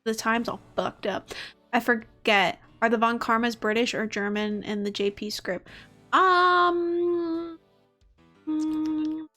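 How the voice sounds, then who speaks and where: A woman's voice: medium pitch, little pitch movement, normal speed, fairly bright tone, faint music behind. A young woman streaming a game, rambling casually, swearing and laughing as she plays.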